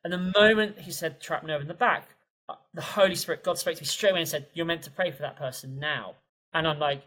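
A man telling a personal story as a podcast guest, animated and full of fillers. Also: a little high, fast, rough recording. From England. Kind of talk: conversational storytelling.

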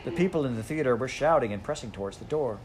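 A man's voice: medium pitch, expressive, fast, background noise. Man reading a storybook aloud. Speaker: audiobook reader. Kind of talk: storybook narration.

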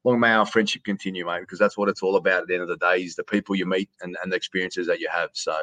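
A man's voice: deep voice, steady tone, very fast, sharp tone. A middle-aged man with an Australian accent, talking casually as a guest and calling his host mate, often repeating his words. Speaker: guest, sports announcer. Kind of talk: casual conversation over a call. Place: hotel quarantine room.

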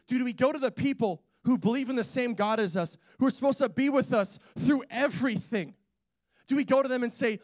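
A man preaching a sermon in a church, pressing his points with repeated rhetorical questions and building to shouts. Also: very high-pitched, a little fast, no echo, soft background music. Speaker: pastor.

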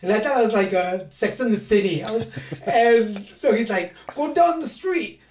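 High-ish guy from california telling a funny story, animated, roomy echo. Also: moderate pace, a little hiss or hum. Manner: animated, self-mocking storyteller who acts out voices. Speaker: podcast guest. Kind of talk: casual storytelling. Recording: echoey room.

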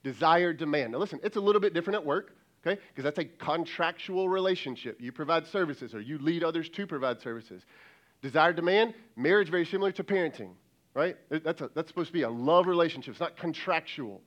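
A middle-aged man preaches a conversational, emphatic sermon, slipping into little acted-out exchanges. His voice sits a touch high. The recording is dull and lo-fi. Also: lively intonation, fast talker. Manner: conversational, emphatic, acts out quoted dialogue. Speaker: lead pastor.

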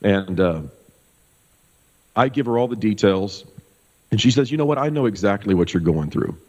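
A middle-aged pastor from Kansas telling a personal story in a loose, animated way, full of fillers. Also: male voice, fairly low pitch, moderate pace. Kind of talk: casual storytelling testimony. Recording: dull sound with long hall reverb.

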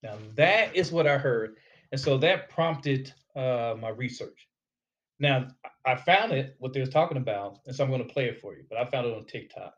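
A man's voice: mid-range voice, normal speed, lo-fi sound. Emphatic male podcast host. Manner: animated and emphatic, rising when fired up. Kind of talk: casual talk show discussion.

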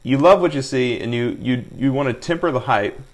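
A man with a slightly nasal voice, talking fantasy baseball in a lively, joking way. He leans hard on his points and keeps the banter loose, at a middling pitch. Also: fairly quick. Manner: energetic, joking, emphatic. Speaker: fantasy baseball podcast co-host. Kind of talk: casual sports chat.

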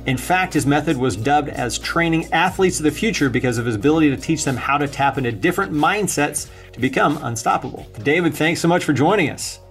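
A man's voice: a little high, lively intonation, brisk, hardly any pauses, fairly bright tone, faint music behind. A man hosting a podcast, introducing his guest and asking curious questions. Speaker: podcast host.

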